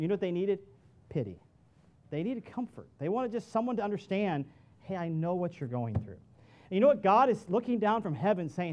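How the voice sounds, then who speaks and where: A middle-aged pastor with a notably high voice, preaching to his church. He talks to the congregation like a friend, drops to quiet asides, then climbs to loud, emphatic peaks. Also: muffled recording. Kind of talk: sermon. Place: church sanctuary.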